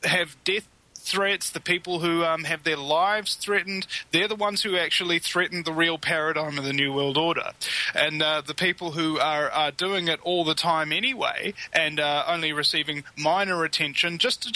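Halting man with a bright voice. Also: a little high, dry recording, rough recording. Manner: halting, many uh and um fillers. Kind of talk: casual chat.

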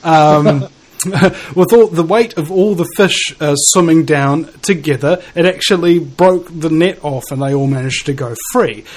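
A man's voice: a little high, a little slow, darkish tone, low-quality recording. A man with a New Zealand accent in casual conversation, musing and rambling, often restarting his sentences.

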